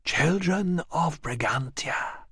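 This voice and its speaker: Rallying tribal storyteller, old man, slow calls, storybook, male reader voicing him. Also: a little high, lively intonation, pushed and bright, slightly rough, dry recording, studio quality, heavily acted. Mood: rousing. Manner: rising rallying calls to a crowd.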